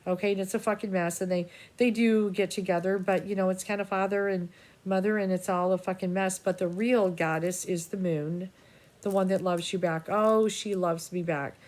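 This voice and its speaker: A woman with a Boston accent giving an emotional, rambling spiritual talk, halting often and swearing freely. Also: medium pitch, flat delivery, darkish tone. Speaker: spiritual reader.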